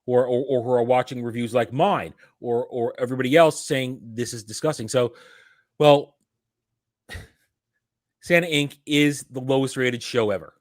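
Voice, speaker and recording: In clean studio sound with no room echo, a man hosts a casual commentary chat. He rants animatedly and keeps restarting his sentences, though his medium-pitched delivery stays unhurried.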